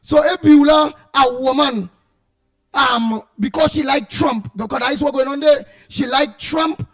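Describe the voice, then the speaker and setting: A Trinidadian man hosts a call-in radio show in a strikingly high voice. He talks with emphatic force, often near a shout, as he fields callers. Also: measured pace. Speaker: radio talk show host.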